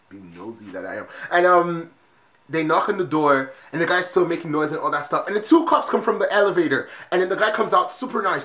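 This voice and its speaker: A young man vlogging, telling a story in an animated way, swinging between loud exclamations and hushed whispers. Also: a little high, reverberant.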